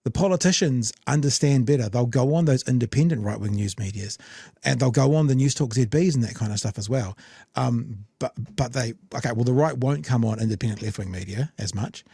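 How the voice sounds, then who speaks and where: A man's voice: medium pitch, fairly quick, creaky, dark tone, breathy edge, dry recording, studio quality. A man with a New Zealand accent hosting a podcast, rambling in casual commentary with frequent restarts. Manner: rambling, conversational, many restarts. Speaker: podcast host.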